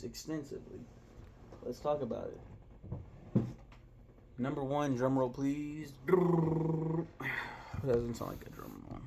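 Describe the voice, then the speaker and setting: A man's voice: mid-range voice, creaky, darkish tone, slight background noise. A young man casually ranking his favorite restaurants, rambling, swearing freely and stopping to search aloud for names. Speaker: vlogger. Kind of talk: casual food ranking vlog.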